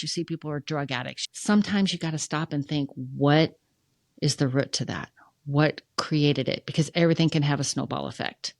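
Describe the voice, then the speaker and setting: A middle-aged woman from the United States talks candidly in a low voice, with feeling, and acts out the voices of the people in her story. The sound is close and dry, with no room echo. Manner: emotional, animated, acts out quoted dialogue. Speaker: podcast guest, funeral museum president.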